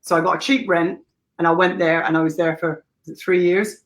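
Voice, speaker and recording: A woman's voice: fairly low pitch, flat delivery, a little fast, rough recording. An Irish woman in her thirties tells her story with blunt candor, swearing freely. She laughs often as she talks and keeps the tone of casual interview chat. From Ireland. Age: 30s. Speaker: guest.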